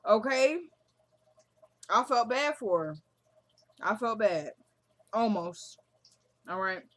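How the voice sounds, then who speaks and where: A woman's voice: mid-range voice, animated, slow pace, fairly bright tone. A young woman casually recapping a TV drama episode, chatting and laughing, and she drops her voice to quote the characters' lines. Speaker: show recap vlogger.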